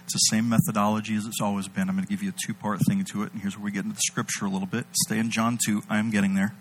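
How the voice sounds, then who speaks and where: A man preaching a sermon, animated, swinging between loud emphatic bursts and low intimate delivery. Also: very fast, slight background noise, poor audio.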